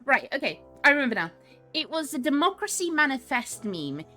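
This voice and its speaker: A high, lively woman chats away as she plays, her voice bright and bouncing all over the place. She tells little stories in a giggly, animated rush, with soft game music underneath. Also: brisk. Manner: chatty, giggly, animated storytelling. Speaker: game streamer. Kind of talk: casual chat while playing and reading game dialogue. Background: faint game music.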